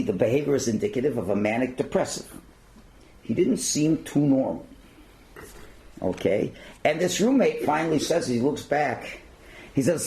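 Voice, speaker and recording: A man's voice: medium pitch, darkish tone, a little hiss or hum, low-quality recording. A man lecturing at a synagogue learning centre, reading passages aloud and then commenting in his own words with fillers. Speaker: rabbi lecturer.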